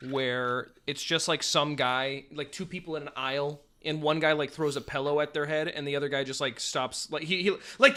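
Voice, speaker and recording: Co-host: young man, bright high voice, teasing, swears freely, jumpy delivery. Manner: teasing, excitable, swears a lot. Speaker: podcast co-host. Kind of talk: casual chat.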